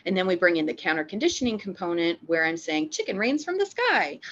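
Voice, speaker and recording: A woman who is a dog trainer and veterinary behavior technician, giving a lively, playful training lecture. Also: fairly low pitch, quick pace, dull audio. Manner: upbeat and playful, acts out dog reactions.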